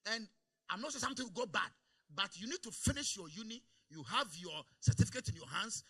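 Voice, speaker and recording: A man preaching a sermon in a church service, calling for amens and swinging between quiet asides and loud exclamations. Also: sits high, lively intonation, brisk, slightly rough. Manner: calls for amens from the congregation. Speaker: pastor.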